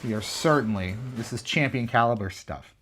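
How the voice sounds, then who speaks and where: A man's voice: mid-range voice, lively intonation, normal speed, fairly bright tone, faint music behind. A man chatting casually to his viewers while playing a racing game on a livestream, rambling and talking straight to chat. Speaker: streamer. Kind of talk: casual livestream gaming commentary.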